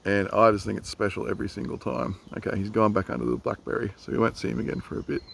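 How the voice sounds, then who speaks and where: An Australian man narrates a casual nature video outdoors, his low voice rough with gravel. He talks chattily and with excitement, dropping to a hush when animals are close. A faint hiss sits under the handheld recording. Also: fast talker. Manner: chatty and enthusiastic, drops to a hush near animals. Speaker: uncle filming a nature video for his nephews. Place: outdoors in a rural yard with bush and birds.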